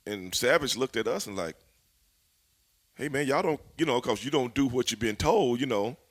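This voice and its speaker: Animated, profane man telling wrestling stories. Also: mid-range voice, normal speed. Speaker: interview guest, former wrestler. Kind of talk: storytelling in a shoot interview.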